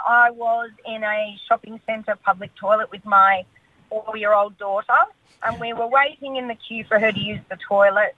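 A female caller briskly and calmly recounting something her young daughter said. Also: a little high, dry recording. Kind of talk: phone-in anecdote. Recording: tinny phone line.

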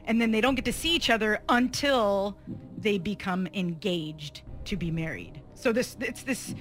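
A woman's voice: medium pitch, normal speed, soft background music. A woman co-hosting a sports radio show, chatting casually with lots of fillers and laughs. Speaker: radio co-host.

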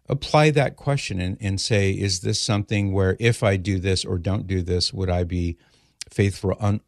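A man hosting a call-in radio talk show, playful at first and then calm and explanatory as he answers a listener's letter. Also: deep voice, vocal fry, no echo, clean studio sound. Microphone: studio microphone.

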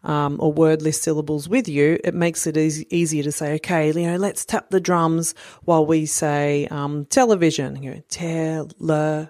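Woman, thirties, low voice, dry close sound; friendly parent educator with plenty of "you know" fillers. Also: fairly even intonation, moderate pace, darkish tone, no room sound. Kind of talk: instructional talk to parents.

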